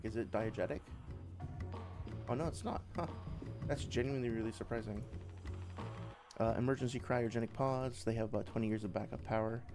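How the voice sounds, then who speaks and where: Chatty, swearing man over faint game music. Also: mid-range voice. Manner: chatty, rambling, swears freely. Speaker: game developer playing a game. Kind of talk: casual let's-play commentary.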